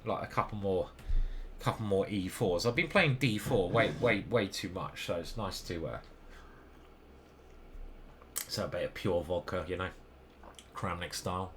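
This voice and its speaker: A man's voice: low-pitched, a little slow, pauses often, slight background noise. A man with an English accent commenting casually over his own chess games, rambling, self-deprecating and swearing now and then.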